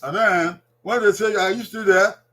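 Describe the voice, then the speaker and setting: A man with a Nigerian accent giving a language lesson, repeating each word slowly and drawing it out for learners. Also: sits high, steady tone, bright, forceful tone. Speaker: language teacher.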